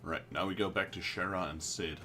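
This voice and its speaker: A man playing through a game on stream, commenting in a relaxed, low-key way. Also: a little fast, slight background noise. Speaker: let's play streamer.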